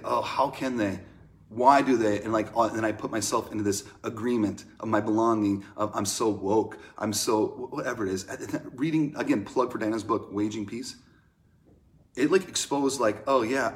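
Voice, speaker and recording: A man preaching a sermon in a conversational way, swinging from loud emphatic lines to hushed ones. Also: medium pitch. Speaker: pastor.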